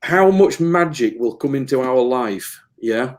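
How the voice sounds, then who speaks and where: A man's voice: mid-range voice, expressive, a little slow. A man, a medium giving an earnest, emotional interview, often repeating words as he rambles. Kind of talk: casual spiritual interview talk.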